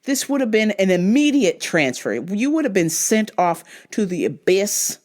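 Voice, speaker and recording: A woman's voice: mid-range voice, very animated, moderate pace, a little mellow. A young woman hosting a podcast, ranting casually with lots of profanity and mocking voices. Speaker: podcast host. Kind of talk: casual rant monologue.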